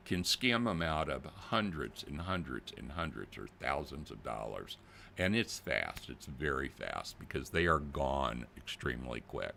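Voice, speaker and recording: An older man hosting a casual video, plain-spoken and animated, talking directly to his viewers. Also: extremely low pitch, gravelly, slight background noise. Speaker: channel host.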